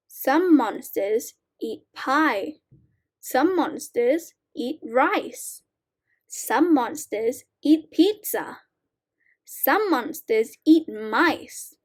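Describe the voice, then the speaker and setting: Woman teacher, high voice, very slow and clear, reading sight word poems to young kids.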